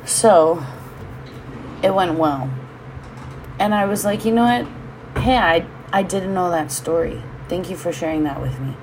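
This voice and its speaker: A woman's voice: on the low side, unhurried, pauses often, darkish tone, a little hiss or hum. A woman from Hawaii, hosting a casual solo podcast from home, talking candidly, swearing freely and drifting into side rants. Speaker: podcast host.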